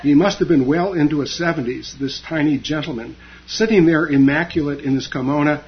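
A man giving a dharma talk, retelling a story with frequent fillers and pauses. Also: on the high side, highs cut off, slight background noise. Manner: halting, many fillers.

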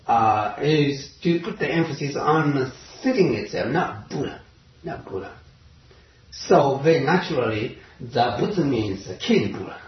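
Halting man giving a distant, roomy dharma talk. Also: mid-range voice, slight background noise. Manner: halting, many pauses and fillers, searching for words. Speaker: Zen teacher. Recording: roomy, distant, dull lo-fi recording.

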